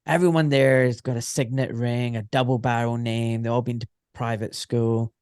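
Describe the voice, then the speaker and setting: A man's voice: mid-range voice, level tone, normal speed, darkish tone, clear, resonant tone, dry recording, studio quality. A Scottish man in his forties, an orthopaedic surgeon, telling stories in a casual, rambling interview full of filler phrases. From Scotland.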